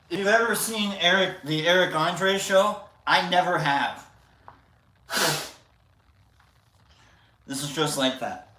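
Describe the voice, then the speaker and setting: A man hosting a casual live stream, chatting and joking with viewers. His voice is bright and pushed forward, his talk rambling and full of laughs. A faint hum of noise sits underneath. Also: sits high, slow pace, pauses often, low-quality recording. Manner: jokey, rambling, laughs a lot. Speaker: live show host.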